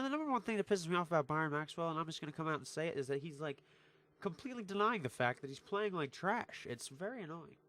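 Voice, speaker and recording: A man's voice: medium pitch, fairly bright tone. Frustrated young man ranting about football. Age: teens. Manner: emphatic, frustrated, repetitive, swears freely. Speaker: vlogger, sports fan. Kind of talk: heated sports recap rant.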